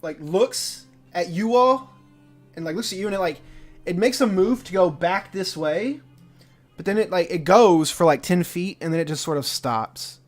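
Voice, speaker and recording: A young man acting as game master on a live tabletop stream. His voice sits fairly high, and he narrates in a loose, rambling way full of "like" and restarts. Soft music plays in the background. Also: lively intonation, normal speed.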